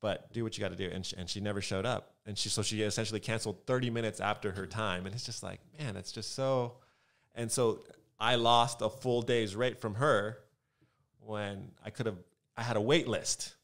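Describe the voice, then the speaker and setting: A young American man, a photographer guest, chatting casually and telling animated stories in a podcast interview. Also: on the low side, normal speed. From United States. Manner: animated storytelling, acts out quoted voices.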